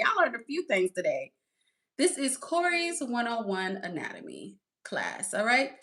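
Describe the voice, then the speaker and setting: A woman live-streams in a fairly bright, higher voice, talking a little slowly with enormous swings in pitch. She rambles casually to her viewers, whom she calls "y'all," reading out the chat and laughing often.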